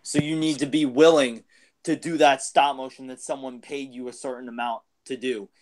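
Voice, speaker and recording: A man's voice: medium pitch, fairly even intonation, normal speed, darkish tone. A man in a casual podcast chat, earnestly lecturing a friend with advice. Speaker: podcast co-host.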